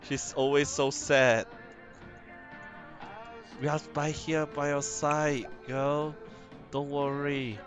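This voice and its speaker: A man's voice: on the high side, flat delivery, slow pace, pauses often, soft background music. A man hosting a let's play, chatting playfully through casual gameplay commentary and talking to his game characters.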